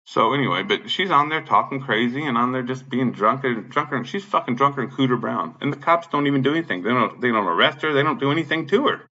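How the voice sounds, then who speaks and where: A man from Illinois rants with agitated energy, cursing at nearly every turn. His voice has a bright, forceful edge, and the recording sounds slightly dull and lo-fi. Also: expressive, fast talker, hardly any pauses. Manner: agitated, swearing constantly, says he is high. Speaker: tenant complaining about his apartment complex. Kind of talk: angry profane rant.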